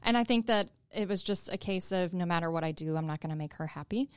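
A woman's voice: on the low side, quick pace, smooth, dry recording, studio quality. A woman, a small business owner, telling a story in a casual interview, chatty and full of fillers.

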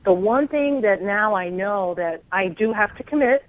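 A woman guest on an interview show, a coach who talks in an energetic, animated way and often repeats words, heard over a phone line. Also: mid-range voice, moderate pace, dry recording. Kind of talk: casual interview chat.

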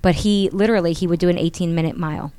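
A woman chatting on a podcast, excitable and quick to jump in. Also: on the low side, clean tone, dry recording. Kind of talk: casual chat.

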